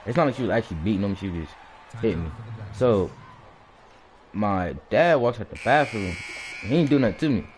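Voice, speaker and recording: A man telling a personal story in a casual, animated way, often restarting his sentences and acting out the blows with sound words. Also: on the low side, a little fast, pauses often, slight background noise.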